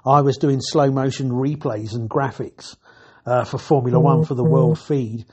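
A man's voice: medium pitch, steady tone, moderate pace, darkish tone, breathy edge, highs cut off. An older man telling chatty, dryly humorous stories about his years as a TV technician. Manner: chatty, self-interrupting, dry humour. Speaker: retired TV technician. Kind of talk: anecdotal storytelling.

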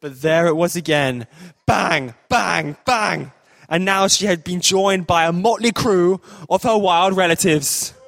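Playful male storyteller for a church kids' story, high animated voice, dry sound. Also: moderate pace, few pauses, dry recording. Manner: playful, jokey asides. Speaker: children's story teller in church. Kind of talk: lively read-aloud storytelling.

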